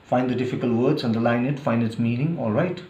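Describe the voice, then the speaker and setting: A man's voice: mid-range voice, fairly quick, warm tone. Indian english guy teaching a story chapter, keeps saying all right, roomy lo-fi audio. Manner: explanatory, checks in with "all right?". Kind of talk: explaining a story chapter to students. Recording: roomy, dull lo-fi sound.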